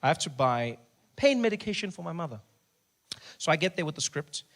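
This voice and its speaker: A man telling stories as a stand-up comedian, animated and conversational. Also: fairly high pitch, fairly quick. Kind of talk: stand-up storytelling.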